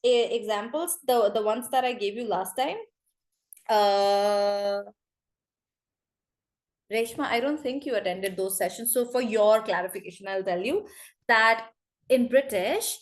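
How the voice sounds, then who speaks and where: A woman teaching an online accent class, chatty and repeating example words slowly. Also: a little high.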